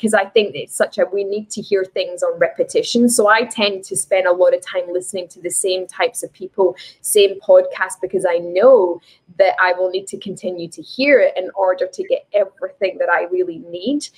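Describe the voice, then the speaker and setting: A woman's voice: fairly low pitch, steady tone, moderate pace, breathy edge, poor audio. A woman with a Scottish accent, talking casually as a guest in an interview, thoughtful and laughing easily. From Scotland.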